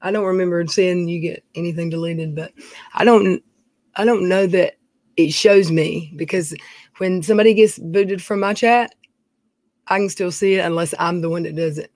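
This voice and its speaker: A woman's voice: lowish voice, fairly even intonation, moderate pace, darkish tone, dry recording. A middle-aged woman, chatting casually on a home live stream, reading viewer names and talking in a folksy way. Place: dim room at home.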